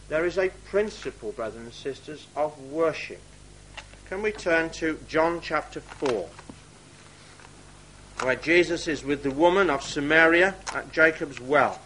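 High bright-voiced man preaching. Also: measured pace, long pauses, rough recording. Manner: reads scripture aloud in archaic wording, drops to quiet asides. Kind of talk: sermon with scripture reading.

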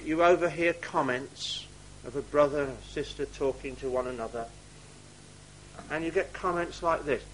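A man preaching a sermon, reading scripture aloud in old wording and dropping to quiet asides to the congregation. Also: medium pitch, a little hiss or hum, rough recording.

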